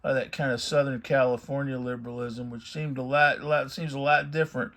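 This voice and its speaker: A man's voice: mid-range voice, little pitch movement, brisk, fairly bright tone. A middle-aged man hosting his own channel, chatting casually and reminiscing as he pages through an old magazine, rambling and thinking aloud. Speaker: vintage magazine collector channel host. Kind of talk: casual commentary while reading a magazine aloud.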